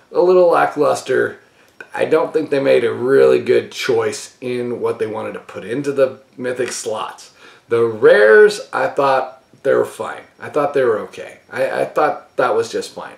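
A man's voice: mid-range voice, gravelly. Giggly rambling man in an echoey room. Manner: laughs often, rambling with restarts. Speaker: card-opening channel host. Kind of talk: casual opinion vlog.

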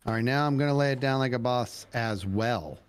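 A man's voice: medium pitch, a little fast, clear, resonant tone. A man in his forties playing a game with a friend, silly and playful, full of singsong sound effects. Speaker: guest co-player. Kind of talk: casual gaming chat.

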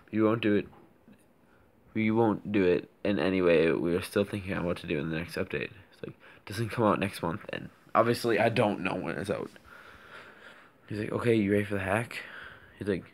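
Teen dude with a deep gravelly voice, rambling thru a story and reading chat msgs out loud. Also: male voice. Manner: rambling, quotes chat messages aloud. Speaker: YouTuber recounting a chat. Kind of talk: casual storytelling.

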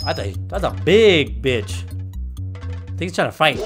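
A young man giving excitable, trash-talking commentary while playing a video game. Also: a little high, measured pace, soft background music. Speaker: gaming video creator. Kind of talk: gameplay commentary.

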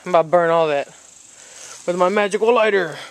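A man's voice: high-pitched, a little fast. A man talking casually in a rambling home vlog, repeating himself and saying "y'all" a lot. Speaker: vlogger. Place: outdoors in hot weather.

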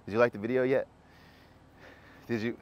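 A young man hosting a casual car vlog, talking in an excitable, slangy way, outdoors by the cars and then inside one. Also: mid-range voice, moderate pace, lo-fi sound, noisy background. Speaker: car vlogger.

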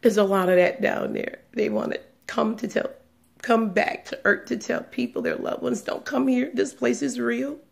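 A woman giving a personal religious testimony, speaking in a hushed, trembling way that often sinks into a whisper, close to tears. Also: on the high side, steady tone, moderate pace, creaky. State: tearful, on the verge of crying.

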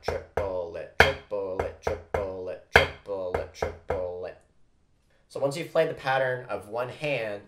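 A man's voice: on the low side, a little hiss or hum. A man teaching a percussion lesson, patiently explaining flam rudiments and counting off stickings aloud. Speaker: percussion instructor. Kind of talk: instructional drum lesson. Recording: echoey room with loud drumming.

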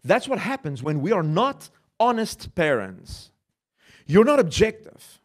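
A man preaches in a lively, animated voice that swings up and down, a little higher than most men. He talks in a conversational way, asking the congregation questions and poking fun at himself. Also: measured pace. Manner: conversational, with self-mocking laughs. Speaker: pastor. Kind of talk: sermon.

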